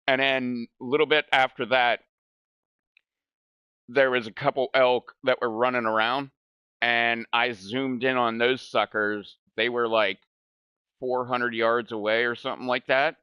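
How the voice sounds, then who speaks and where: A man's voice: mid-range voice, flat delivery, measured pace, clear, resonant tone, no echo, dull audio. A man hosting a gaming channel, telling a story in casual chat. He rambles, swears a lot and keeps saying "like". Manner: rambling, profane, fills speech with "like".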